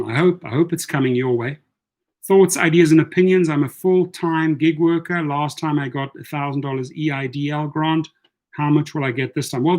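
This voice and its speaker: Chatty man answering a live chat. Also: fairly high pitch. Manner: chatty, reads viewer comments aloud, repeats words. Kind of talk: casual livestream advice.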